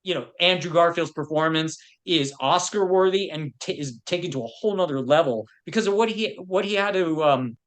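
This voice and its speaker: A man's voice: a little high, fairly quick, few pauses, fairly bright tone. A man who works as a film producer, a guest on a podcast, telling anecdotes in a loose way full of "you know". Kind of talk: casual interview chat.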